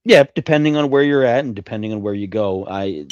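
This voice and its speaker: Deadpan low-voiced man, lo-fi sound. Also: fairly quick, clean tone, dry recording. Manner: dry, deadpan sarcasm. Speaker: podcast co-host. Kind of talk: casual chat.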